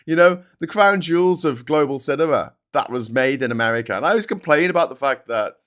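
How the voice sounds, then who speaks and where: A man's voice: fairly high pitch, animated, fairly quick, a bit bright. Sarcastic, sweary British man ranting. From Britain. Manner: sarcastic, sweary, laughs between jabs. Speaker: host. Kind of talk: ranting commentary.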